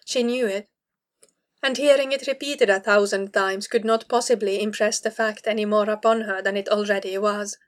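Woman narrator, audiobook story, measured, even, mid-pitched. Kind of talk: audiobook reading of fan fiction.

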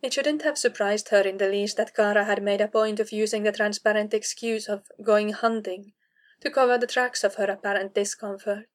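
Woman narrator for a fantasy audiobook, measured and even, mid pitch. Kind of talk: scripted narration.

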